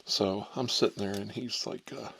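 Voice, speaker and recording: A man from Ohio hosts a comic ASMR role-play in the part of an examining doctor. His voice sits low and gravelly, and he wanders from story to story in an irreverent, chatty way. A faint hiss runs under the recording. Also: fairly even intonation, normal speed, fairly bright tone. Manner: rambling, irreverent storyteller who digresses and laughs at his own jokes. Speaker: channel host playing an examining doctor. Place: indoors, smoking a cigarette.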